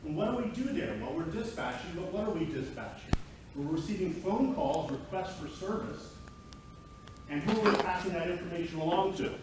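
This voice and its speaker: A man's voice: sits high, expressive, fairly quick. A man, director of county emergency services, giving a talkative, emphatic presentation to an audience at a community event. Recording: echoey hall from far off, noisy.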